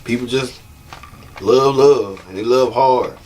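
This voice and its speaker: A man's voice: medium pitch, slow pace, pauses often, a little hiss or hum. A man hosting a show, giving loose, chatty commentary and laughing often. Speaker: host. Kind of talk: casual commentary.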